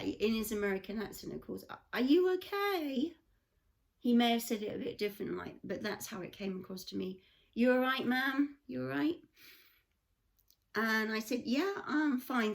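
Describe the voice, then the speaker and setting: English woman, chatty storyteller, rambling asides, casual vlog. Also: fairly high pitch. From England. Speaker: vlogger.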